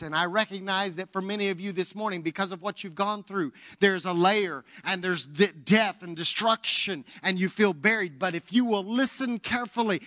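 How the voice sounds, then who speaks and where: Bright-voiced preacher, dry close sound. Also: male voice, sits high, dry recording. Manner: dynamic, swings from loud to hushed. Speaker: pastor. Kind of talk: Easter sermon with storytelling.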